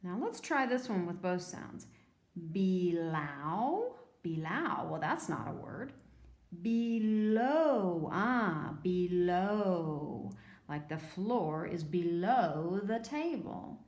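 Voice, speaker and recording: A woman teacher giving a phonics lesson to young children, sounding out words slowly and patiently. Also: fairly low pitch, big pitch swings, echoey room.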